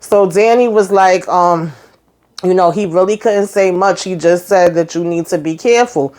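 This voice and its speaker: A woman's voice: fairly low pitch, moderate pace, darkish tone. A woman casually recapping a TV episode, retelling scenes in chatty vernacular with lots of fillers. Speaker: show recap host.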